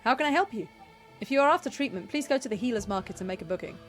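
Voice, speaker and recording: A woman's voice: on the high side, animated, racing, soft background music, lightly acted. A woman reading the lines of a nervous, secretive male alchemist healer aloud from a game, in her own voice. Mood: guarded.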